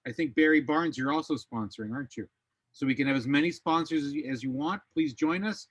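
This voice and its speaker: A man acting as service organizer, making announcements in an unhurried way, halting with fillers. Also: a little high, no room sound, rough recording.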